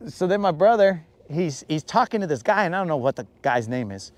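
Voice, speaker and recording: A man hosting a fishing livestream, telling a long rambling story and acting out quotes in a higher voice. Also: sing-song, fairly quick. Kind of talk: casual storytelling while fishing. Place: out on a lake, on a boat.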